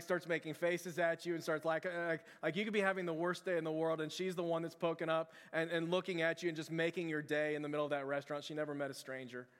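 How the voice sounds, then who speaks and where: A man's voice: fairly high pitch, clear, resonant tone. A pastor preaching a sermon to his church in a conversational, earnest way, with frequent fillers and restarts. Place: church sanctuary. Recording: long hall reverb.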